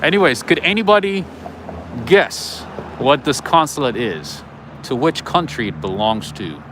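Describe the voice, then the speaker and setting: A man's voice: fairly low pitch, moderate pace, noisy background. A man hosting a casual walking livestream outdoors, telling stories and chatting with viewers as he reads their comments. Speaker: livestream host. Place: outdoors on city streets.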